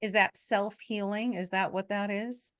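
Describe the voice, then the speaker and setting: A woman's voice: mid-range voice, fairly even intonation, a little slow, crowd noise. Supportive woman interviewer. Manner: affirming, laughs along. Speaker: interviewer, host. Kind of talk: interview chat.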